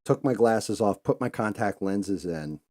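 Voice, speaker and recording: A man's voice: lowish voice, lively intonation, unhurried, warm tone. A man hosting a live stream, telling loose, rambling stories in a casual, conversational way. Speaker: host.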